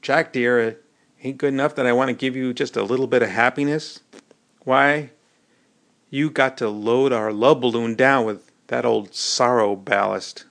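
A man's voice: mid-range voice, steady tone, normal speed, vocal fry, a bit bright. A man reading a blunt, folksy frontier wife. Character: bold, teasing frontier army wife, young woman. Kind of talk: audiobook character voice.

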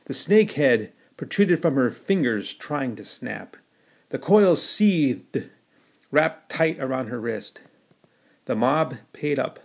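Slow, folksy male storyteller. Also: medium pitch, expressive, creaky. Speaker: podcast host and author. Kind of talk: reading his own novel aloud.

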